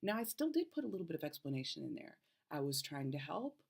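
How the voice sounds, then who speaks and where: A woman's voice: low-pitched, very animated, quick pace, gravelly, darkish tone. A woman health coach in her thirties, explaining advice to camera and checking in with the viewer with a frequent "okay?".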